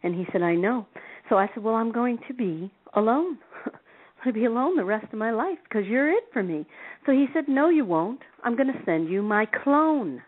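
Animated woman guest on a tinny phone line. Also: fairly high pitch, normal speed. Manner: animated storyteller, laughs often. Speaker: relationship expert guest. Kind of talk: radio call-in interview.

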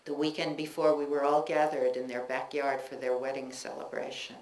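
A woman reading her own personal essays aloud to an audience in a bookstore, measured and reflective, with chatty asides between pieces. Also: very deep voice, level tone, darkish tone. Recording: echoey room recording with faint ambience.

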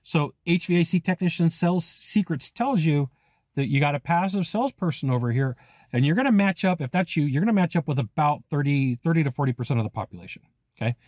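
Energetic man hosting a sales talk. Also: fairly high pitch, fast, no room sound, studio quality. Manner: energetic, emphatic, addresses viewer directly with frequent "okay?". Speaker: sales trainer and channel host. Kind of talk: animated solo teaching talk to camera.

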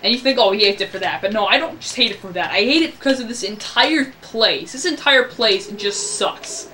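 A man's voice: high voice, expressive, brisk, few pauses, pushed and bright. Male let's-play commentator, chatty and ranty, with audible background noise in the recording. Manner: rambling, ranting about the game. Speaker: gameplay commentator.

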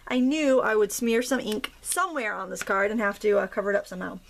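A woman's voice: mid-range voice, steady tone, fast talker, creaky, slight background noise. A woman from Maine with a light Maine accent, chatting and joking her way through a casual craft demonstration at home. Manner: chatty, jokey, thinks aloud while working. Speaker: craft tutorial host.

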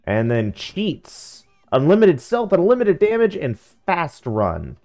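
A man's voice: fairly high pitch, huge pitch swings, slow, darkish tone, soft background music. A young man casually commenting on a video game, reading its text aloud and bluntly complaining about it. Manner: reads in-game text aloud with offhand jokes; blunt, grumbling critique. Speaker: gameplay commentator.

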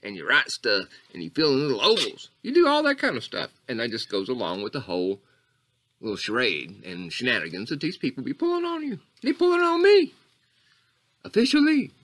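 A man playing Coach Catfish, an eccentric rambling character who drifts off on tangents and jumps between squeaky highs and low mutters. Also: wildly swooping pitch, a little fast, a bit bright. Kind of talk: comedic character monologue.

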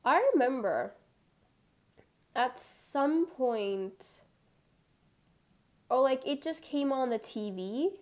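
A woman's voice: high-pitched, lively intonation, slow, pauses often. A young woman streaming a game, chatting casually in a rambling way full of filler words, playful and given to mock-dramatic outbursts. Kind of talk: casual gameplay chat.

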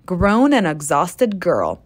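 A woman's voice: lowish voice, slow. Playful woman reading a story aloud. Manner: playful, deadpan asides. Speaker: storybook reader. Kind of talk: read-aloud storytelling for children.

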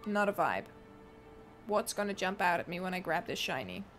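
A woman streams a game with soft music behind her, her lowish, slightly bright voice very animated at a normal speed. She gives casual gameplay commentary, chatting playfully with viewers and swearing now and then, in an accent somewhere between British and American.

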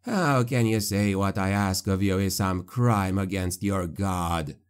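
Male narrator doing a condescending necromancer, low, unhurried, menacing. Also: clean tone. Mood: mocking.

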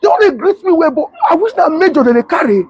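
A young man with a Nigerian Pidgin accent telling a comic story, animated and laughing often. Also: very high voice, fast, dry recording. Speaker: comedian storyteller.

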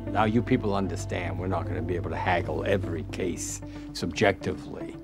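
An actor playing a lawyer briefing his team in a film, speaking calmly and drily. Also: sits low, brisk, vocal fry. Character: lawyer leading a compensation team, calm and dry. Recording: movie clip with music behind.

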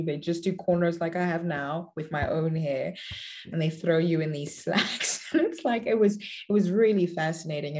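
Low, gravelly South African woman. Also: mellow. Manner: earnest, reflective storyteller. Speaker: actress guest. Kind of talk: casual interview conversation.

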